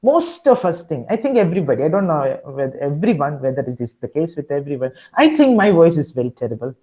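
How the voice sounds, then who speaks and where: Animated Indian man giving an online lecture. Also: fairly high pitch, fast, poor audio. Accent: Indian English. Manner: repetitive, encouraging, addresses listeners directly. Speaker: guest lecturer. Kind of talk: webinar lecture.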